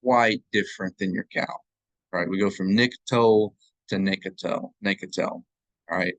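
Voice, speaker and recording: A man with a lowish voice leads a live classroom grammar lesson, chanting verb forms one after another and checking in with a quick "right?" The sound is dry and close, with little room around it. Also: fairly even intonation, fairly bright tone, no room sound, low-quality recording. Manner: drills paradigms aloud, checking in with "right?". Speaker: Hebrew teacher. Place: church classroom. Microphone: live class recording.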